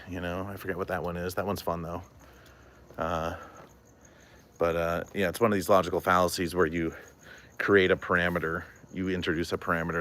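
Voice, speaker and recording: A young man with a very low voice talks loosely on his stream, full of "like" and "um". He wanders through a story and stops to answer chat messages. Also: fairly bright tone, slight background noise. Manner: rambling, many fillers, reads and answers chat. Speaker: comedian streamer. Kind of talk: casual livestream chat.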